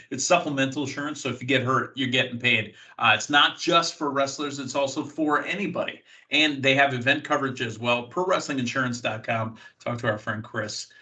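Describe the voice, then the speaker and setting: A man from the United States hosting a wrestling news podcast, chatty and filling pauses with uh and you know. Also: medium pitch, fairly even intonation, pushed and bright, rough recording. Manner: chatty, thinks aloud with many fillers. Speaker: podcast host. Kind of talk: casual wrestling news talk.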